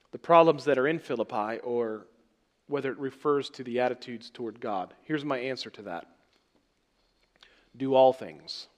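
Man, pastor, sermon, fairly high voice, loud emphatic bursts dropping to soft trailing endings.

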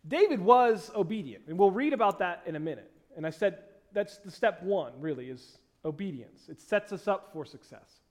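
A pastor preaches a sermon in a high, animated male voice, reading scripture aloud with slowed, stressed phrases. He swings between loud emphasis and quiet asides.

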